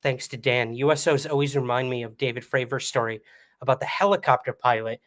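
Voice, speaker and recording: A man's voice: mid-range voice, fairly quick. A man hosting a livestream, talking casually to his viewers and the chat. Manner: chatty, talks to the chat, trails off quietly. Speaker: livestream host.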